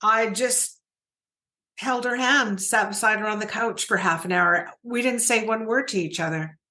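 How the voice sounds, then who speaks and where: A middle-aged woman hosts a podcast interview, her mid-range voice moving at a moderate pace with a pushed, bright quality. She asks searching questions that ramble and restart many times.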